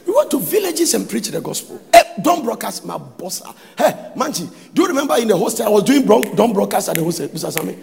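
A man with a Ghanaian accent preaching a sermon as pastor, breaking into sudden shouts and sung phrases. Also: sits high, sing-song, quick pace, creaky, hardly any pauses. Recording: long hall reverb.

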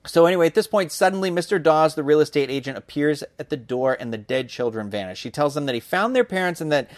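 A man's voice: a little high, expressive, fast, dry recording, clean studio sound. Chatty man reading a book aloud. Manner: chatty, with many fillers and mumbled asides. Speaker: podcast host.

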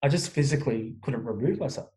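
A man in his twenties or thirties speaks openly in a relaxed interview, his voice pitched in the usual middle range for a man. He talks with blunt, unpolished candor, drops curse words freely, and often stops and restarts his phrases. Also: low-quality recording. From Australia. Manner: frank, swears often, halting restarts. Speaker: guest. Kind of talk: candid interview talk.

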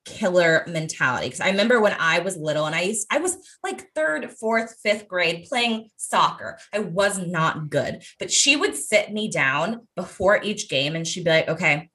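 Casual co-host, young woman, bright lowish voice, swears freely. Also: animated, normal speed, few pauses. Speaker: podcast co-host. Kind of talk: casual chat.

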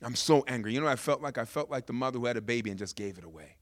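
A male pastor preaching a sermon and telling a story, moving from hushed reflection to loud, shouting excitement. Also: mid-range voice, rapid-fire, dry recording.

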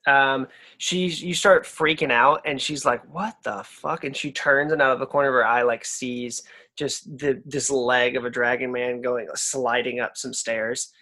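A man's voice: mid-range voice, fairly even intonation, normal speed, pushed and bright. A young man narrating as game master, loose and rambling with many fillers.

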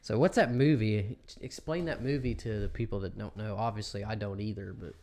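A man's voice: fairly low pitch, fairly quick, a little mellow. A man co-hosting a podcast in casual chat, crude and joking, laughing often. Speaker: podcast co-host.

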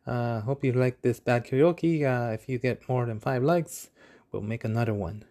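A man's voice: medium pitch, normal speed, dark tone. A man chatting casually between karaoke songs, chatty and self-mocking about his singing. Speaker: karaoke vlogger.

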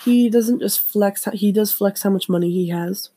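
A woman's voice: medium pitch, normal speed, dark tone, breathy edge, no room sound. A woman hosting a podcast alone, talking casually and rambling, often repeating and restarting her phrases. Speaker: podcast host. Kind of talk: casual solo commentary.

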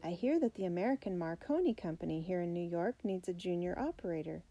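A friendly young man passes along news in a helpful way, voiced by a woman reading aloud. His tone is mellow. He comes from a read-aloud storybook. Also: on the low side, expressive, fast talker, dull audio.

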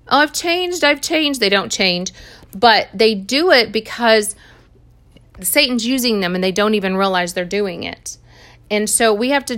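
A woman with a medium-pitched, pushed, bright voice gives an earnest Christian testimony. She speaks conversationally and laughs now and then.

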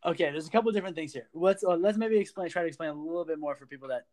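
A man's voice: fairly high pitch, very fast, darkish tone. A man co-hosting a podcast in casual chat, ironic and joking, laughing often. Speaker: podcast co-host.

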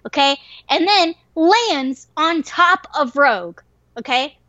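A woman telling a wild story in casual chat, swearing freely and getting animated and excitable. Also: high voice, takes it slowly, dry recording. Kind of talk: casual story told to a listener. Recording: dry, slightly dull lo-fi recording.

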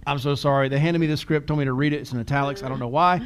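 A man's voice: medium pitch, steady tone, rapid-fire, clear, resonant tone. A middle-aged man co-hosting a podcast, chatting casually and telling self-deprecating stories with frequent laughs. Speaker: podcast co-host.

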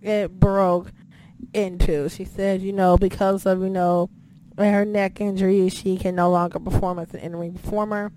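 A woman's voice: mid-range voice, flat delivery, normal speed, dark tone, a little hiss or hum. A woman hosting a casual chat, talking loosely, swearing often and leaning on "you know". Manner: chatty, swears a lot, fills with "you know". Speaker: podcast host.

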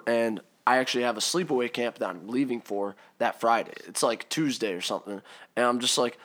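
A young man, a podcast guest, recounting a chaotic episode from his past in loose, casual chat. He jumps up into high, laughing impressions of the people in the story, and his pitch sits in an ordinary middle range. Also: moderate pace. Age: young adult. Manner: animated, laughing, acts out quoted voices. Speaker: interview guest.

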